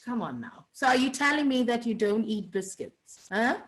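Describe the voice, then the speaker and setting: A woman's voice: fairly high pitch, expressive, moderate pace, poor audio. A woman teaching an online revision lesson, chatty and teasing, with many fillers and restarts.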